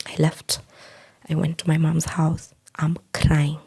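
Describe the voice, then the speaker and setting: A woman's voice: low-pitched, monotone, normal speed, gravelly, mellow, slightly rough. A young woman earnestly recounting a painful personal story, quoting what others said to her. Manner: earnest, quotes others' words as she tells it. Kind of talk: personal account in an interview.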